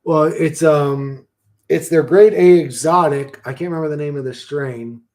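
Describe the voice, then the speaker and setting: A man in his forties chatting casually on a livestream, slangy and profane, laughing often and swinging between mumbling and loud bursts. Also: fairly high pitch, normal speed. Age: 40s.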